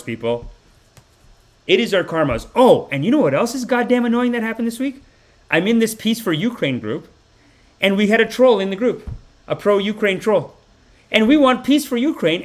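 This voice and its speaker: Man, thirties, from canada, live podcast host, satirical rant, profane, animated, slightly high-pitched. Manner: profane, animated, swings between loud outbursts and mumbles. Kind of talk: live-stream satirical commentary.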